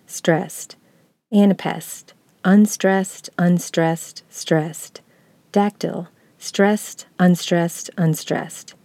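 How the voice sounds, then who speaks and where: Woman lecturer, reflective essay reading, low voice, dry close sound. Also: warm tone, dry recording. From United States. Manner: slow, measured, contemplative delivery.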